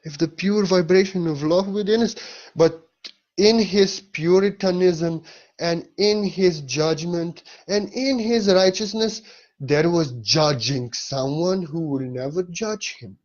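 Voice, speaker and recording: A man's voice: sits high, slow pace, a little mellow, dull audio. A man speaking as a spiritual teacher in a blunt, emphatic monologue, with non-native phrasing and frequent swearing.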